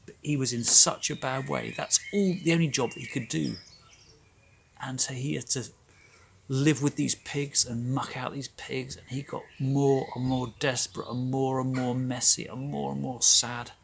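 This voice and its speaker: A man leading a children's club, telling a Bible story in an animated, emphatic way. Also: mid-range voice, normal speed, vocal fry, husky.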